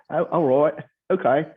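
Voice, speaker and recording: A man's voice: on the high side, lively intonation, unhurried, husky. A man with a Midwestern American accent, a podcast host chatting casually and laughing easily over a video call. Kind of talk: casual interview chat. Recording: thin phone-like video-call audio.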